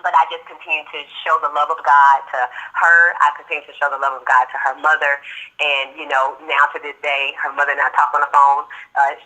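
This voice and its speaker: A woman being interviewed, telling a personal story in an earnest, animated way and acting out what people said. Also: sits low, a little fast, highs cut off. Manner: earnest, animated retelling with acted-out quotes. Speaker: guest.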